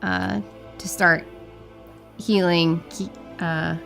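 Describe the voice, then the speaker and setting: A woman playing a tabletop game, speaking in a lively way. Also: on the low side, drawn-out words, gravelly, soft background music. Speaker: player.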